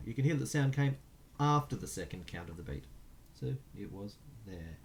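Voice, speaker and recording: A man's voice: on the low side, lively intonation, moderate pace, few pauses, very noisy. A man teaching a recorded music lesson, counting beats aloud and chanting rhythm syllables while writing notes.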